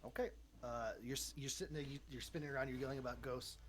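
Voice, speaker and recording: A man's voice: mid-range voice, steady tone, fast talker, a little hiss or hum. A man running a livestreamed tabletop game as dungeon master, upbeat and encouraging toward his players, calling them "dude.".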